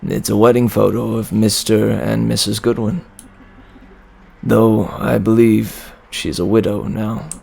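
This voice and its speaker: A man's voice: on the low side, little pitch movement, unhurried, gravelly, a little mellow, breathy edge. A man playing a horror game, reading the dialogue aloud and muttering dry asides. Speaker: game player. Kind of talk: let's-play commentary and reading dialogue.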